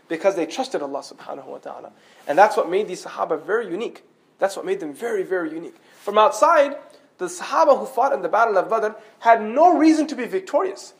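A man gives an animated storytelling sermon at a fast clip. His voice sits high, and he breaks off now and then for light joking asides. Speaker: Islamic preacher.

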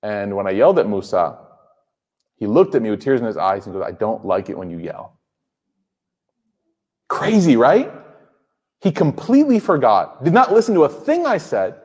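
A man's voice: medium pitch, sing-song, normal speed, a little mellow, breathy edge. A man in his thirties giving a sermon to a live audience, conversational and joking, often asking the crowd questions. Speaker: Islamic speaker. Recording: hall reverb.

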